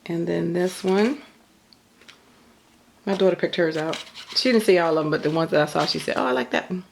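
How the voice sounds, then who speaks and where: Middle-aged lady rambling about her crafts at home, lowish gravelly voice, kinda out of breath. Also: moderate pace, a little mellow, a little hiss or hum. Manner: chatty, rambling, filler-heavy. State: a bit out of breath. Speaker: craft YouTuber. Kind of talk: casual show-and-tell vlog. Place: at home craft table, behind the camera.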